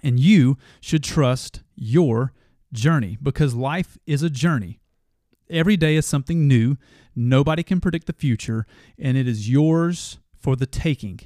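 A man's voice: medium pitch, measured pace, warm tone, no echo, clean studio sound. Earnest man hosting a motivational podcast. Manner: earnest, gets passionate. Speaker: podcast host.

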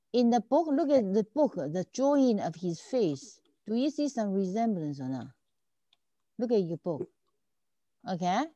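Tutor, woman, lively up-and-down voice, patient and repetitive, dull dry sound. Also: a little high, no echo. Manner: patient, repeats and checks understanding often. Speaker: Chinese language teacher. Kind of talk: online tutoring lesson.

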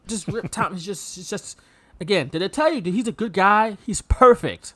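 A man co-hosting a casual movie review chat, animated and mocking as he acts out characters. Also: sits high, a little fast. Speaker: podcast co-host.

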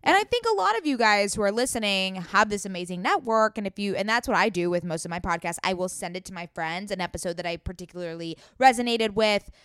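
A woman's voice: mid-range voice, expressive, fast, hardly any pauses, a bit bright, clean tone, dry recording, clean studio sound. A woman co-hosting a podcast in casual chat, playful and jokingly bossy. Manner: playful, jokey, mock-bossy. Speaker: podcast co-host.

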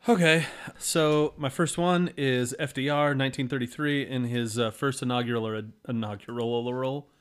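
A man co-hosting a podcast in relaxed chat. His voice sits at an ordinary mid pitch. He speaks haltingly, restarts often, and is gently self-deprecating. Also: clear, resonant tone. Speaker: podcast co-host. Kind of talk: casual chat.

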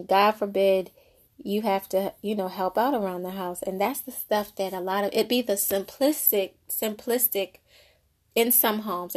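A woman in her thirties, a mother of two, talking casually about parenting and faith in a rambling, conversational way. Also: medium pitch. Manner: conversational, rambling, frequent "you know". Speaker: mother sharing parenting thoughts. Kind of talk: casual faith-based monologue.

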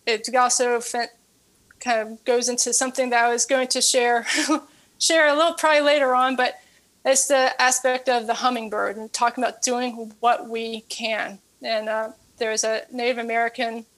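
An earnest woman who coaches fitness and has written a book, telling a story as an interview guest. Her voice sits a touch high, and she often repeats her words as she builds a point. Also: fairly bright tone.

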